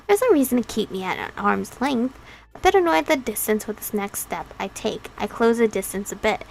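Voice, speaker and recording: With a slightly high, gravelly voice, a female game channel host reads a visual novel as its heroine, pausing between lines to make playful, chatty asides.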